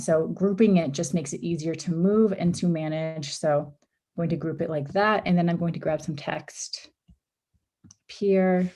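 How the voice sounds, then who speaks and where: A woman's voice: lowish voice, mellow. A woman leading a live online design workshop, walking through steps casually while losing her voice. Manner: casual, step-by-step, with frequent ums and oopses. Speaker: workshop instructor. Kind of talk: live screen-share design tutorial.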